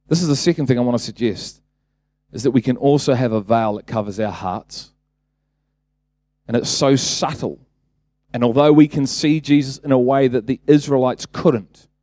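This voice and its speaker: A man's voice: medium pitch, darkish tone, no echo, clean studio sound. A man preaching a casual sermon, talking conversationally, then building to emphatic bursts and asking the congregation rhetorical questions.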